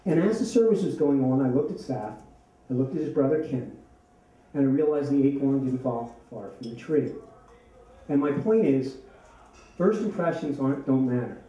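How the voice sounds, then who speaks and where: A man's voice: medium pitch, animated, normal speed, mellow. A man telling a personal story on stage at a live storytelling event, chatty and often laughing as he speaks. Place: event venue, from a distance. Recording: roomy and echoey from far off.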